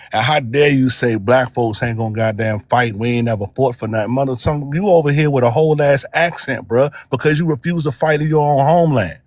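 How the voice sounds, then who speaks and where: A man's voice: mid-range voice, brisk, hardly any pauses, dry recording. A man from the United States in a heated debate, delivering a profane, scornful tirade full of slang and repetition. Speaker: debate panelist.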